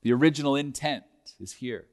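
A man's voice: mid-range voice, a little fast, a little mellow. A man delivering a sermon as a pastor, reading scripture aloud and building intensity through repeated phrases.

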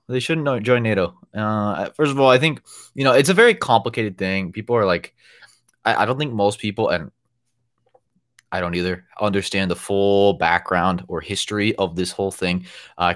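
A man's voice: lowish voice, fairly bright tone, no echo, studio quality. A man co-hosting a podcast in casual chat, giving emphatic, opinionated takes. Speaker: podcast co-host.

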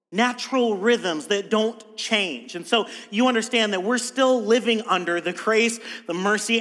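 A high-pitched man preaches a sermon, putting weight on key words and posing rhetorical questions. His voice carries a long reverb tail from the hall around him. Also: sharp tone. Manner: emphatic, rhetorical questions, slows for stress. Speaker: pastor.

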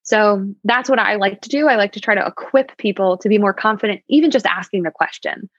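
A woman sommelier guests on a casual podcast interview, upbeat and full of wry asides. She speaks at medium pitch and a little fast, with no echo, on a dull, slightly lo-fi, dry recording.

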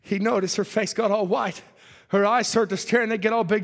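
High-voiced animated preacher in reverberant hall. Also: male voice, a little fast. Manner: animated, acts out biblical characters, swings from shouting to hushed. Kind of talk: sermon storytelling.

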